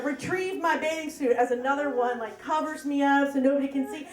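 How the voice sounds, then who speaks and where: A woman's voice: high voice, brisk, hardly any pauses, roomy sound. A woman telling a personal story live on stage to an audience, chatty and self-mocking, laughing at her own lines. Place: live event room with audience.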